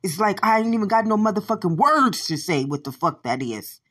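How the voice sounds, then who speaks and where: A woman delivering a profane, repetitive monologue, shouting at times and muttering low at others. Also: lively intonation, a little fast, breathy edge. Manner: swears constantly, repeats phrases, swings from shouting to low mutters.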